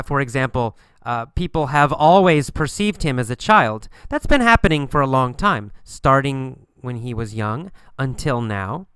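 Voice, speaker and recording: Smooth-voiced man teaching English slowly. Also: mid-range voice, a bit bright, dry recording. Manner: slow, deliberate, repeats phrases for learners. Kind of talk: recorded language lesson.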